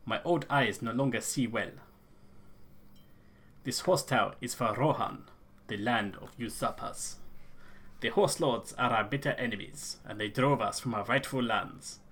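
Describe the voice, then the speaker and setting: A man's voice: medium pitch, a little slow, a bit bright, breathy edge. A man voicing a solemn old clan elder with a put-on accent, reading a game character's lines aloud. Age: older. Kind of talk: gameplay voice-over of game characters.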